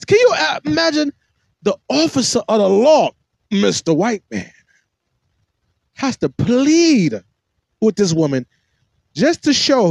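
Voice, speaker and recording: Brief: sarcastic male podcast host, high and swooping pitch, bone-dry recording. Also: very animated, unhurried, vocal fry, pauses often, darkish tone, no echo. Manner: mocking, sarcastic, swings between shrill and low. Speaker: podcast host commentating on a clip. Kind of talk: reaction commentary.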